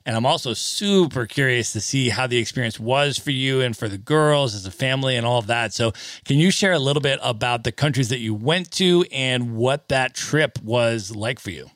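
A man's voice: medium pitch, moderate pace, fairly bright tone, dry recording. A man hosting a podcast, asking long, enthusiastic questions in casual chat. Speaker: podcast host. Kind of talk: casual interview.

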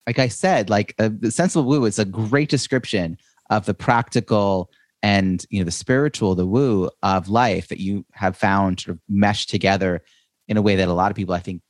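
A man with a low voice asks long, rambling questions in a conversational interview. The sound is dry and close, with no room echo, and he circles through fillers before landing on each question. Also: moderate pace. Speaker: podcast host.

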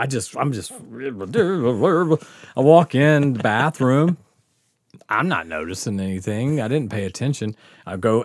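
A man's voice: on the high side, no room sound, clean studio sound. Rowdy laughing man telling stories. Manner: rowdy, profane, laughs through his stories. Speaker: podcast host. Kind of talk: casual storytelling.

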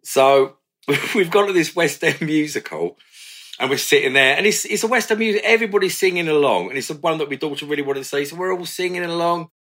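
A man's voice: fairly high pitch, a little fast. A man, a former career criminal, telling blunt stories with swearing in a candid chat. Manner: blunt, swearing, animated retelling with laughs.

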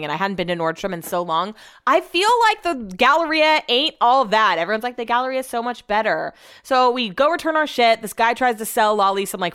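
A woman's voice: fairly low pitch, clear, resonant tone. Young woman, casual ranting chat, swears a lot. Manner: animated, ranting, swears freely. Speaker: podcast host.

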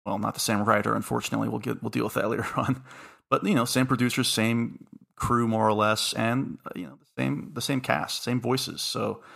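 A man's voice: on the low side, vocal fry, a bit bright. A man hosting a casual podcast chat, musing aloud and laughing between points. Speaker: podcast host.

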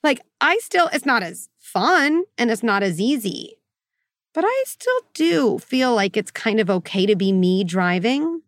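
A woman hosting a parenting show as a psychologist, talking through advice in a casual, animated way and acting out quoted inner voices. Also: medium pitch, dry recording, clean studio sound.

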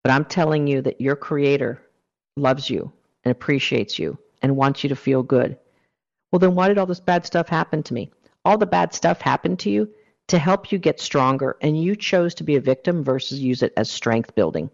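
Guy with a gravelly voice doing a motivational self-help talk, earnest, kinda muffled lo-fi sound. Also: mid-range voice, moderate pace. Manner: earnest, coaching, speaks directly to the listener. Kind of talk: motivational talk with guided exercise. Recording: dull lo-fi recording.

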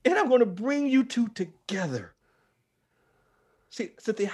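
A man in his forties, a ministry leader, telling his life story with strong emotion, dropping to a hush and then rising almost to a shout. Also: very high-pitched, animated, measured pace, slightly rough. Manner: passionate, swings from hushed to near-shouting. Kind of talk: emotional testimony in an interview.

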